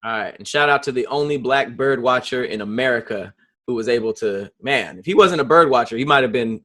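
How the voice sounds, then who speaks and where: A man co-hosting a podcast in casual chat, with relaxed, joking banter. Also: mid-range voice, brisk. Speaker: podcast co-host.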